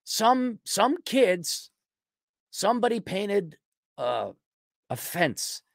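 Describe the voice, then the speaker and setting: A man's voice: high voice, very animated, extremely slow, vocal fry, no room sound, studio quality. A male podcast host delivering a ranting commentary, sarcastic, profane and mocking.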